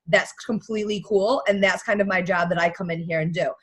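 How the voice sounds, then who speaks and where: Blunt, energetic woman coach. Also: lowish voice, fairly quick. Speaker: guest coach. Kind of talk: motivational talk on a team call.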